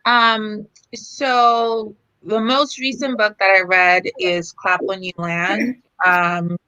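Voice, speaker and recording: A woman from the US Virgin Islands, a book blogger on a live video call, unhurried and wry. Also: medium pitch, little pitch movement, bright, forceful tone, clean tone, dry recording. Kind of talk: casual live-stream chat. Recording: dry dull video call audio.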